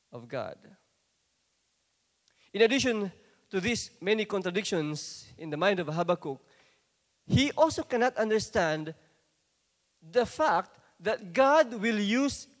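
A man preaching a sermon, dramatic in delivery and sometimes rising to forceful outbursts. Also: high voice, long reverb tail.

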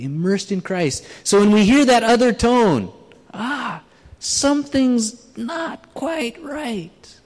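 A man's voice: high voice, darkish tone. A man preaching a sermon, illustrating his points with demonstrations and putting questions to the audience. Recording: long reverb of a large hall.

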